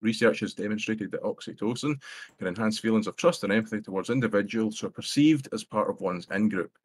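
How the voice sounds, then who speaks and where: A Scottish man reading a prepared debate statement on a voice call in a formal, academic way, with filler pauses. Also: fairly low pitch, husky, no echo. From Scotland.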